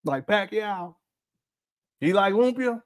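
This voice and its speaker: A man's voice: sits high, animated, slow. A man hosting a casual livestream, reading the chat aloud, laughing often and using slang as he calls his viewers family.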